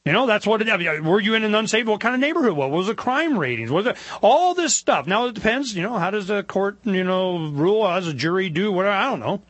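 A husky, fairly high-voiced middle-aged man holding forth as a talk show host. He rambles from story to story with constant asides, and the sound is dry and close. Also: sing-song, fast, hardly any pauses, fairly bright tone, no room sound. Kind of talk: casual monologue.

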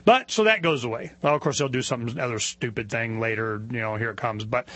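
Indignant man ranting on a talk show. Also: brisk. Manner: animated, indignant storytelling, rising pitch when worked up. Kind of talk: opinionated monologue.

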